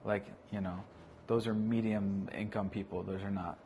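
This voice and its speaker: A man hosting a casual vlogcast, talking business with a colleague in an animated way and swearing freely. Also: lowish voice, moderate pace, muffled recording, a crowd in the background. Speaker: vlogcast host, agency owner. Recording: faint background noise.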